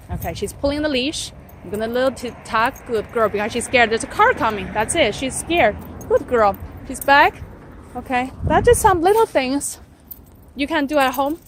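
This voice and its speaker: A woman's voice: high voice, very animated, moderate pace, slight background noise. A woman dog trainer giving casual advice while walking dogs outdoors, often tagging her points with "right?" and stopping to praise the dogs. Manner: keeps adding "right?" tags, breaks off to praise dogs. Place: outdoors on a walk.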